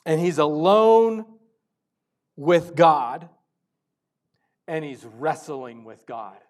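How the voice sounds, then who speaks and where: High-voiced pastor preaching with swings. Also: male voice, sing-song, extremely slow. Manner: swings from loud and urgent to hushed and intimate. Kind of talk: sermon.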